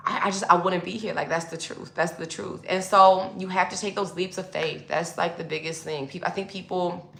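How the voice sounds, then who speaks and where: Low-voiced woman coaching in an echoey room. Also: steady tone, moderate pace, gravelly, fairly bright tone. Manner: loose and conversational, full of fillers, addresses viewers as y'all. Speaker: spiritual coach. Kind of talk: casual teaching monologue to camera.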